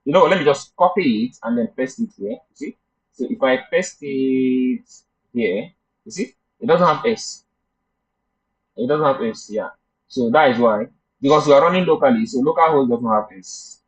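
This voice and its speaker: A man leads a live coding class, reasoning aloud as he debugs and chatting with students. His husky, mid-range voice has lively intonation and a moderate pace, heard through a muffled lo-fi class recording.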